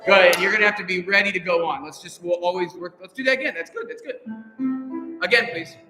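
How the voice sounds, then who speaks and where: Upbeat high-voiced choir director, echoey hall. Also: male voice, quick pace, over loud music. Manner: upbeat, encouraging, counts beats aloud. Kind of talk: choir rehearsal instruction. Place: rehearsal hall. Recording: echoey hall with long reverb.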